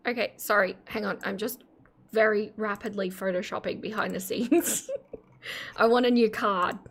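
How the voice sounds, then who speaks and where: A woman's voice: mid-range voice, fairly even intonation, moderate pace, a bit bright. Giggly woman streamer chatting live. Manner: chatty, giggly, self-mocking asides. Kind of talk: casual live-stream commentary.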